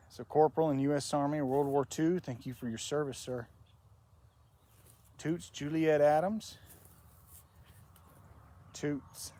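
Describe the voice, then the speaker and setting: A man hosting a paranormal vlog, talking softly and reverently as he walks outdoors. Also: on the high side. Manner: soft-spoken, reverent, reads names aloud. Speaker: paranormal investigator host. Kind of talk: casual walking vlog narration. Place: outdoor cemetery. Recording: faint outdoor noise.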